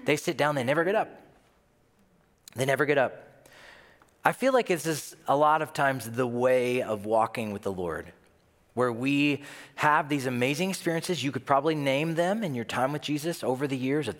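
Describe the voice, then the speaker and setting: A man's voice: medium pitch, normal speed, a bit bright. A man preaching a sermon, telling a story vividly and acting out the voices of the people in it. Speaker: pastor. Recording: long hall reverb.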